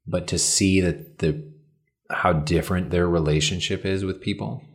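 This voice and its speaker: A man's voice: deep voice, fairly even intonation, moderate pace. A man hosting a casual conversation, telling reflective, easygoing stories.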